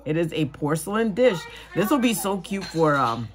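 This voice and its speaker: A woman's voice: fairly low pitch, sing-song, normal speed, soft background music. A woman vlogger chatting casually as she opens gifts, gushing and gasping with delight. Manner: gushing, gasps and squeals when delighted. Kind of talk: casual unboxing chat.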